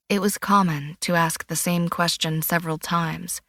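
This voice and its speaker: A woman with a low voice narrates a thriller audiobook, steady and measured. The recording is close and dry, with no room sound around her. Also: no echo. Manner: even, measured storytelling.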